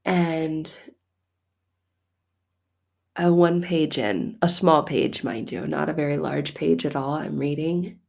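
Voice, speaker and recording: Gravelly-voiced mother musing on faith. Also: sits low, takes it slowly, long pauses. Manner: animated, laughing, mock-exasperated asides. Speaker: mother sharing a faith reflection. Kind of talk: casual spoken reflection.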